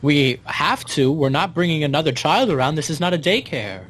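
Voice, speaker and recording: A man's voice: fairly high pitch, lively intonation, moderate pace, fairly bright tone, a little hiss or hum. A young man in a tabletop game, arguing bluntly and insistently in character. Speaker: player.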